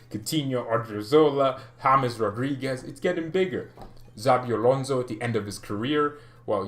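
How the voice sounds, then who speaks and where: A man's voice: mid-range voice, reverberant. A man hosting a fan channel, chatting casually on a live stream, joking, ranting and answering viewer comments with frequent laughs. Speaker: football fan channel host.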